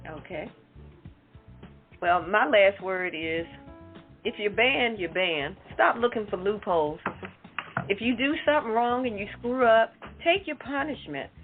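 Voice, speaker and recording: A woman co-hosting a casual talk show, blunt and opinionated. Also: mid-range voice. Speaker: co-host. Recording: tinny phone-line audio, faint music.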